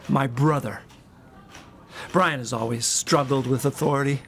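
A middle-aged man in a self-righteous, prissy comic monologue, explaining himself to a police officer and breaking into shrill, high-pitched rants. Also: unhurried, vocal fry, fairly bright tone. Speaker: comedic monologue character.

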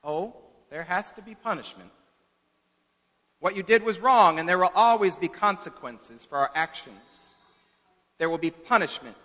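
A man voicing a calm, stern older school principal who speaks in a measured, solemn way, heard in an echoey hall on a dull recording. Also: sits high, exaggerated voice. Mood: firm. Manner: measured and solemn, sometimes hushed.

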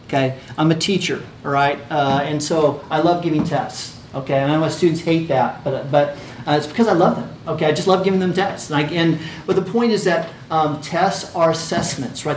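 A man teaching a class on a religious allegory, talking conversationally, repeating phrases and checking in with his listeners. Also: a little high. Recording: echoey room with faint ambient noise.

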